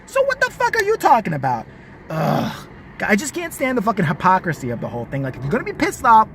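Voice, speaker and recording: Profane, animated ranting man. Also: high-pitched, a little hiss or hum. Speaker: vlogger. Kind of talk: ranting commentary.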